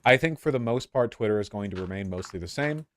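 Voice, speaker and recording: Hesitant low-voiced man with stream opinions. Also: lively intonation, fast talker. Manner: hesitant, restarts, hedging opinions. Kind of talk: casual livestream chat.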